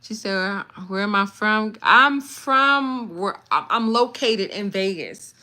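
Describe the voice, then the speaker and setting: A woman from California hosting a livestream, chatting casually and directly with her viewers, animated and laughing often. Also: medium pitch, takes it slowly. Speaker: livestream host. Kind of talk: casual live chat with viewers.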